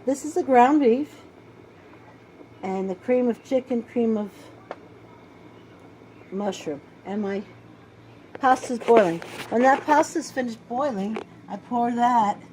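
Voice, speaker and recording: A woman's voice: a little high, takes it slowly, pauses often, dark tone, rough recording. Chatty woman with a New York accent. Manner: chatty, rambling, self-deprecating. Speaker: home cook vlogger. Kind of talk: casual cooking chat to camera. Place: home kitchen. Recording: home video with clear background noise.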